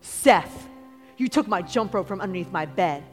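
A woman voicing a furious, bossy little girl who shouts demands in a storybook reading. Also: mid-range voice, lively intonation, normal speed, in a large hall, soft background music, natural voice.

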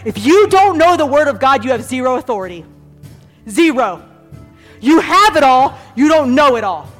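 A high-pitched woman preaches with lively energy, calling on the congregation to repeat phrases and laughing often between points. Her voice rings through a long hall reverb, with faint music underneath. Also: normal speed. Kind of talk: sermon.

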